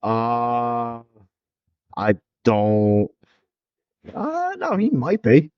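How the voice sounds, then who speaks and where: Man, podcast co-host, casual sports talk, lively storyteller, muffled dry recording. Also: medium pitch, very slow, smooth, no echo. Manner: animated storyteller, acts out players' lines.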